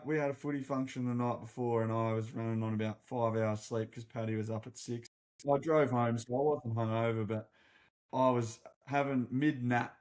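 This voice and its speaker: A man's voice: mid-range voice, a little mellow. An Australian man co-hosting a casual chat, dry and teasing. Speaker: co-host.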